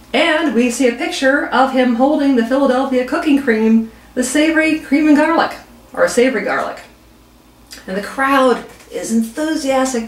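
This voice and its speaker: Woman from West Virginia, relaxed spoken pitch, voice slightly high, heard from a distance in an echoey room. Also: a little hiss or hum. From West Virginia, USA. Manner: storytelling, with fillers. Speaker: pitching an ad idea.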